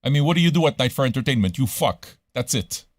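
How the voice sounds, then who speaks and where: A man's voice: medium pitch, expressive, quick pace, dry recording, clean studio sound. A man from Montreal hosting a casual livestream radio show, talking in a profane, rambling way and dropping into French now and then. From Montreal, Canada.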